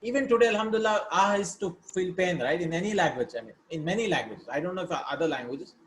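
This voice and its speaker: A man's voice: high voice, expressive, fast talker, echoey room, slight background noise, low-quality recording. A man teaching a grammar lesson, explaining patiently and often checking in with his students by asking "right?". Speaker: Arabic teacher.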